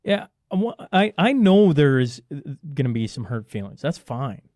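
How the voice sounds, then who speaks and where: A man's voice: mid-range voice, very animated, normal speed, a little mellow, dry recording, studio quality. A middle-aged man, talking emphatically as a podcast guest and answering his own rhetorical questions. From Canada. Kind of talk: casual conversational interview.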